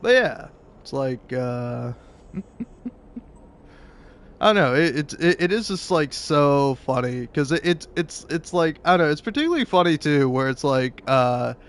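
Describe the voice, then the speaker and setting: His voice is a little high, expressive and a little slow. This twenty-something streamer keeps up casual talk while he plays, rambling, stammering and breaking into laughter a lot.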